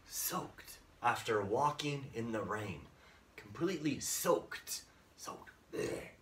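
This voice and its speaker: A man teaching an online English lesson, saying words slowly and repeating them with frequent tag questions. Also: mid-range voice, fairly bright tone.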